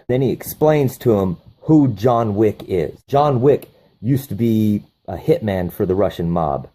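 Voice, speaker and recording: A man's voice: lowish voice, lively intonation, unhurried, warm tone, breathy edge. A man reviewing a movie, recapping the plot casually with profane enthusiasm.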